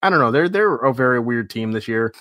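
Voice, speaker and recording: A man's voice: medium pitch, animated, brisk, sharp tone, no echo. Man, casual sports podcast co-host, rambling and swearing, dry close sound. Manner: rambling storyteller, acts out quoted voices, swears.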